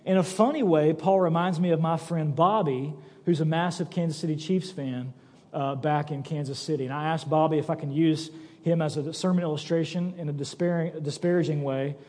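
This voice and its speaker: High-voiced pastor preaching in a reverberant church. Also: male voice, fairly quick. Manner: animated storytelling, acts out quoted voices. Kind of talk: sermon. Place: church sanctuary. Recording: church sanctuary with long reverb.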